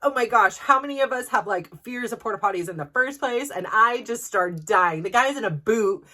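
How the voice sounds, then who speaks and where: A woman's voice: on the high side, moderate pace. Chatty woman telling a story. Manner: animated, laughing, with frequent restarts. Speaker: podcast host. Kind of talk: casual personal storytelling.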